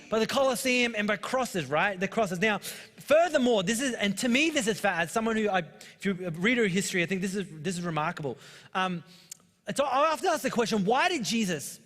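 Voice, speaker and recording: With a long, church-auditorium reverb around him, a thirtysomething Australian pastor delivers a sermon in a fairly high, slightly bright voice. His style is loose and joking, and he tells personal stories to the congregation.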